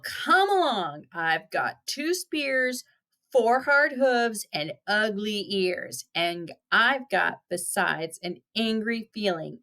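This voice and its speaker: A woman's voice: on the high side, a bit bright, heavily acted. A woman voicing a big, fierce billy goat in a read-aloud storybook, boasting and threatening.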